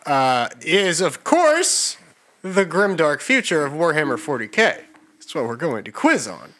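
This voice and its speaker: A man's voice: on the high side, a little slow. A man co-hosting a podcast, chatting casually and cracking crude jokes. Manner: joking, crude, animated. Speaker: podcast co-host.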